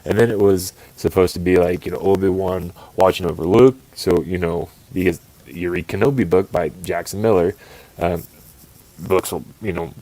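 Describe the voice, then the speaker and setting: A man's voice: low voice, fairly even intonation, moderate pace, mellow, no room sound, rough recording. A man co-hosting a casual podcast chat, rambling with many restarts and fillers. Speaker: podcast co-host.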